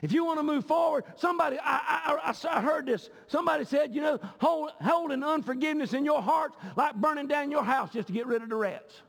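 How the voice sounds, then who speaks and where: A man's voice: very high voice, brisk, gravelly, hardly any pauses. A man pastor, preaching a sermon with passion and often repeating words as he goes. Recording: long hall reverb.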